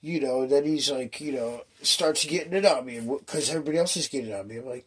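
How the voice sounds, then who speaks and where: A man in his fifties rambles through a personal grievance, cursing freely and acting out the quotes. His voice sits at a middle pitch, with a faint hiss of noise behind it. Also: fast, few pauses, a bit bright. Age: 50s. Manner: profane, restless, storytelling with acted quotes.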